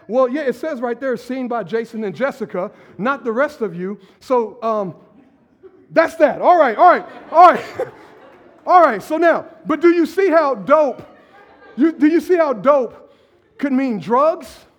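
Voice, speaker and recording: A man preaching a lively, conversational sermon and joking with his congregation. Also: extremely high pitch, measured pace. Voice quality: animated, jokey, talks with the audience. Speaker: pastor. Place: church sanctuary. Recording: long hall reverb.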